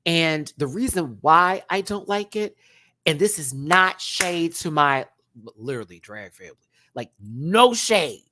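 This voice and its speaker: A man reviewing a reality show on a livestream, chatty and animated, swinging between loud bursts and hushed asides. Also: fairly high pitch, measured pace, slight background noise. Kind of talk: casual livestream commentary.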